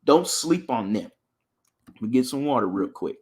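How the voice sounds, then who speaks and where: A man's voice: mid-range voice, sing-song, moderate pace, a little mellow. A man hosting a live football prediction stream. He is hyped, swears freely and uses fan slang. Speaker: sports podcast host.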